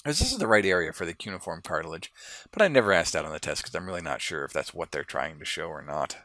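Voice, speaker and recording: Bright-voiced man teaching anatomy. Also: low voice, fast talker, no echo, studio quality. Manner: explanatory, relaxed, with fillers and restarts. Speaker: anatomy instructor. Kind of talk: lab model walkthrough lecture.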